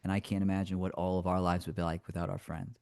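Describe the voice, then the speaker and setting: A very deep-voiced man speaking slowly with sincere affection. His words come heartfelt and unhurried. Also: flat delivery, creaky, a little mellow, clean tone. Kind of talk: emotional casual chat.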